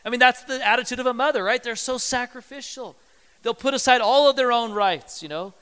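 High-voiced male preacher in a reverberant hall. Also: brisk, pushed and bright, clean tone. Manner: conversational preaching with acted-out quotes. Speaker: pastor. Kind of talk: sermon.

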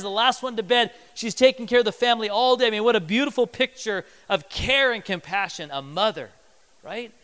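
Speaking to his congregation in a conversational manner, a pastor delivers a church sermon with occasional short acted-out quotes. His voice is high and smooth, pushed and bright. The sound carries a long hall reverb.

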